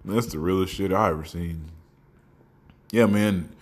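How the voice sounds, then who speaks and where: Low-voiced man rambling through a profane comic monologue. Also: a little slow. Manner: profane, rambling storytelling with laughs. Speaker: podcast host. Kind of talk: casual comedic monologue.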